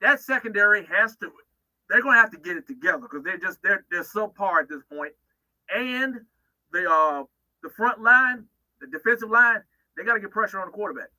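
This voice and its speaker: A man's voice: sits high, expressive, brisk, bright, forceful tone, poor audio. A man giving opinionated football analysis on sports talk radio, emphatic and often restarting his phrases.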